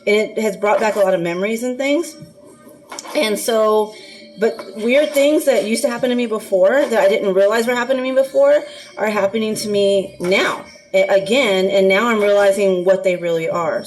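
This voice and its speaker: A woman's voice: medium pitch, moderate pace, darkish tone, soft background music, rough recording. Chatty woman rambling while cooking. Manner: chatty, rambling, frequent fillers and laughs. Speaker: anxiety vlogger. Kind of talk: casual rambling vlog.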